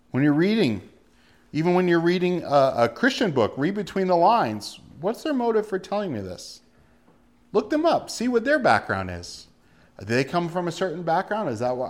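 A male pastor delivering a sermon emphatically, full of rhetorical questions and repeated words. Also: on the high side.

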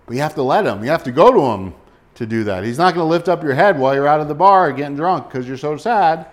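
A man's voice: a little high, expressive, fast talker. A man preaching a sermon as pastor, speaking directly to listeners and asking them rhetorical questions.

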